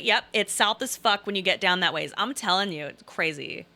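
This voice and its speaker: Bright, emphatic middle-aged woman streamer. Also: mid-range voice, animated, moderate pace, hardly any pauses. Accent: faint Southern Illinois. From Southern Illinois. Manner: rambling, emphatic, repeats herself, pleading asides. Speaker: streamer reading chat. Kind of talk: casual live-stream chat.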